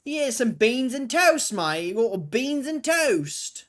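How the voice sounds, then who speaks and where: A man voicing an over-friendly young British bloke with a put-on English accent, speaking in an exaggerated, drawn-out and overly polite way during casual livestream banter. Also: very high voice, big pitch swings, fairly bright tone, pitched above the performer's own voice, full character voice. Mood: hammy.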